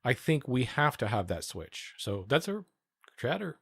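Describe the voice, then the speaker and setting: A man's voice: medium pitch, sing-song, measured pace, creaky, a bit bright, husky, dry recording, studio quality. A man livestreaming, reacting to the news in a casual political rant, profane, rambling and sardonic.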